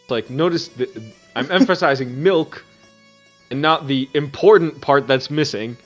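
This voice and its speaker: A man's voice: mid-range voice, moderate pace. A man co-hosting a podcast in loose, rambling chat. He jokes and laughs as he goes, with faint music playing underneath. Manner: rambling, joking, laughs often. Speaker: podcast co-host. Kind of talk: casual chat.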